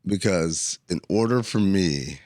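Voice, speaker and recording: A man co-hosting a comedy podcast who speaks with frank, joking candor. His voice sits low, and the sound is close and dry. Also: expressive, slow, a little mellow, no room sound. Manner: frank, jokey storyteller. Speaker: podcast co-host. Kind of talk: casual comedic chat.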